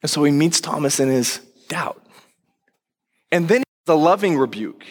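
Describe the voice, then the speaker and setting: A man preaching as a pastor, telling the story in a conversational, animated way and acting out quoted lines. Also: fairly high pitch, unhurried. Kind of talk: sermon. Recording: long reverb of a large hall.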